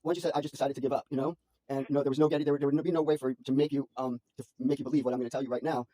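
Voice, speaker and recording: A man talking to his mother on a phone call, rambling anxiously with halting restarts and repeated words. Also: medium pitch, steady tone, mellow, slight background noise. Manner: anxious, frantic storytelling.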